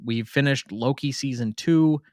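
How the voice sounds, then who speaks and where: A man's voice: medium pitch, a little slow, no echo, clean studio sound. A man co-hosting a casual movie podcast, laid-back with short wry remarks. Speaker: podcast co-host.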